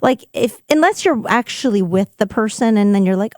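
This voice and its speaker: Woman guesting on radio, laughs easy, goes along with it, mid pitch, dry sound. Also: lively intonation, moderate pace, darkish tone, no echo. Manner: easygoing, giggly, plays along. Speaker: guest musician and podcaster. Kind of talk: casual live radio interview.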